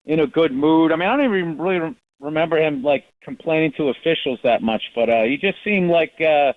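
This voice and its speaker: A man's voice: on the high side, brisk. A middle-aged man with a Boston accent, a guest comedian talking casually on a radio show, blunt and wry as he rambles through stories. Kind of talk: casual radio interview chat. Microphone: phone call into radio show. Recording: tinny phone line.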